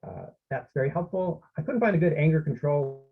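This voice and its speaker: Husky gravelly man presenting a webinar. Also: a little high, lively intonation, a little fast, narrow, tinny audio. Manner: explanatory, often checks in with the audience. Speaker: parenting workshop presenter.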